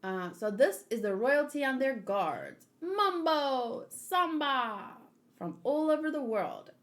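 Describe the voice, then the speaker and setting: Woman read-along host, casual and rambling, lively bright-ish voice. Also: high voice, slow pace. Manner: rambling, animated, thinking aloud. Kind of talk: casual chat and reading aloud.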